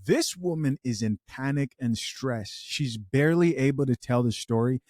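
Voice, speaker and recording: A man comments on a clip as host, choosing his words carefully and stacking disclaimers. His voice sits at an ordinary middle pitch. The sound is dry and close. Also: darkish tone, no echo. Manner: measured, hedging, with disclaimers. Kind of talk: reaction commentary.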